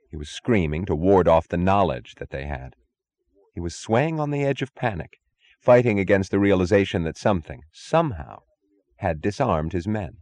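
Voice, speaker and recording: A man reading a novel aloud as an audiobook narrator, with steady, expressive storytelling. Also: low-pitched, moderate pace. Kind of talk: scripted narration.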